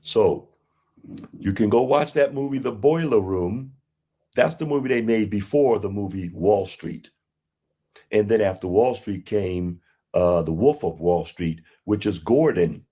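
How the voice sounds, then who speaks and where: Husky low-voiced man telling stories. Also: a little slow, mellow. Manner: acts out quoted dialogue in a higher voice; rambling with fillers and restarts. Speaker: interview guest. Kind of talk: animated storytelling.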